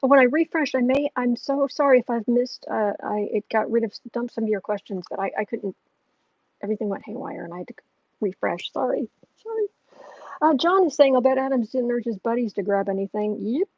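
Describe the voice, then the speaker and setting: A woman's voice: fairly high pitch, lively intonation, fairly quick, dry recording. An American woman hosting an astrology livestream, chatting casually, rambling and reading out viewer questions. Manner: soft cooing baby talk to her cat. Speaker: astrology and tarot livestream host. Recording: muffled lo-fi mic, dry room.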